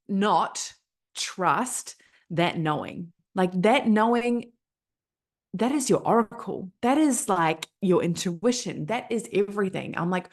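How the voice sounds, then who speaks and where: Host, female, 30s, New Zealand accent, lowish pitch, emphatic repetitive motivational monologue with casual swearing. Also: animated, moderate pace. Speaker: podcast host.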